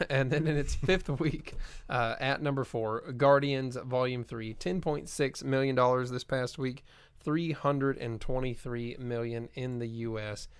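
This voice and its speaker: A man's voice: medium pitch, fairly even intonation, measured pace, smooth. A man co-hosting a movie podcast, reading box office figures in a matter-of-fact, casual way. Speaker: podcast co-host.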